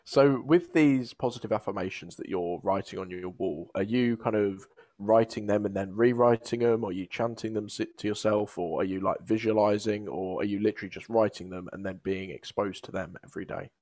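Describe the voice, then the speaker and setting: A man's voice: lowish voice, a little fast, few pauses, a little mellow, dry recording. A man co-hosting a podcast, curious and asking long follow-up questions. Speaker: podcast co-host. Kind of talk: casual podcast chat.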